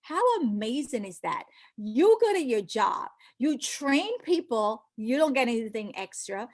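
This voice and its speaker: Woman, high voice, middle-aged, emphatic, repeats phrases, rhetorical questions, motivational pitch. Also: very animated, a little slow. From born outside the US. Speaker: recruiter for a financial business.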